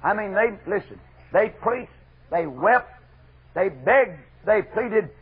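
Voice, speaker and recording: Husky, fervent preacher man. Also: sits high, lively intonation, slow. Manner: fervent, swinging from loud exhortation to hushed asides. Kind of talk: impassioned revival sermon. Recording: dull lo-fi archival sermon recording.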